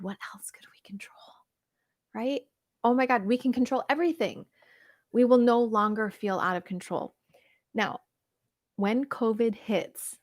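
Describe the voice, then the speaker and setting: A woman coach chatting through a livestream Q&A, reading viewer comments and answering in an animated, laughing way with lots of fillers. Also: mid-range voice, no room sound, studio quality. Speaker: weight-loss coach.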